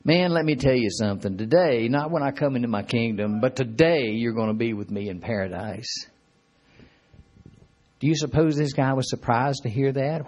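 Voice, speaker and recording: A man's voice: medium pitch, lively intonation, moderate pace, a little mellow. A man preaching a sermon in a folksy, conversational way, his voice rising and dropping dramatically as he reads and retells scripture.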